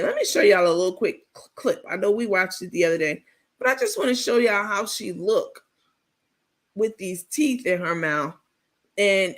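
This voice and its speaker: A woman's voice: mid-range voice, fairly bright tone. Sassy, blunt woman dishing gossip. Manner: sassy, blunt, profane, rambling. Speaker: host of a reality TV gossip stream. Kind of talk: casual commentary chat.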